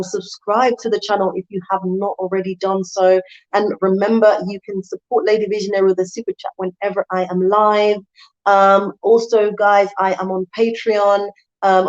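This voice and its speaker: A woman's voice: mid-range voice, darkish tone, lo-fi sound. A woman in her thirties, originally from the UK, chatting casually on a live stream, laughing often and reading out viewer comments. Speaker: vlogger hosting a live stream.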